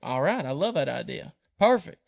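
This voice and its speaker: A man tells a hunting story on a podcast, animated and playing the voices of everyone in it. His voice sits high for a man. The talk is casual and lively. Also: moderate pace, gravelly. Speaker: podcast host.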